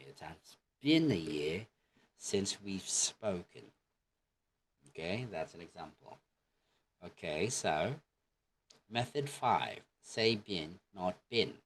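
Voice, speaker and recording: Slow, deep-voiced man teaching pronunciation. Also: a little hiss or hum. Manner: patient, repeats example phrases slowly for learners. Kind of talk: online language lesson with repeat-after-me drills.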